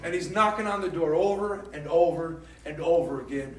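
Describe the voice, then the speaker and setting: A man preaching a sermon as a pastor, emphatic and repetitive, now and then rising to a shout. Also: fairly high pitch, normal speed. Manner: emphatic, repetitive, swings loud. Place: church hall. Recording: roomy echo from far off.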